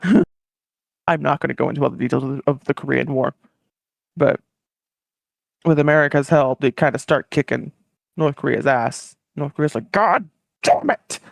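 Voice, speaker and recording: A podcast host casually retelling history as comedy, animated with fast asides. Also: medium pitch, creaky, no room sound, clean studio sound.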